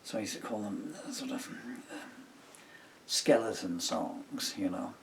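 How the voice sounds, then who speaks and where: Older male songwriter, low and gravelly, meandering self-interrupting chat, distant mic with faint hiss. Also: expressive, a little slow. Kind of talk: casual rambling talk while writing a song. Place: home recording studio.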